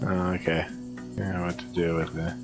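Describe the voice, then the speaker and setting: Low-voiced man streaming a game. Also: normal speed, music in the background. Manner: relaxed, reads game text aloud. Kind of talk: casual game commentary.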